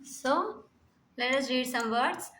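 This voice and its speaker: A woman's voice: high-pitched, takes it slowly, background noise. A woman with an Indian English accent teaching phonics, sounding out letters and words one by one and repeating each. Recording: echoey room.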